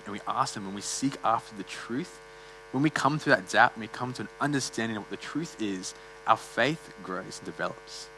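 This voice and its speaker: A man's voice: mid-range voice, bright, forceful tone, slight background noise, rough recording. Earnest man preaching a casual sermon. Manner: earnest, conversational, uses many fillers. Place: church.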